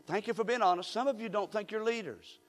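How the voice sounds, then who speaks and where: Brief: older male preacher, high voice, folksy call-and-response, long church reverb. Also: fast. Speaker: guest preacher. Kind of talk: sermon.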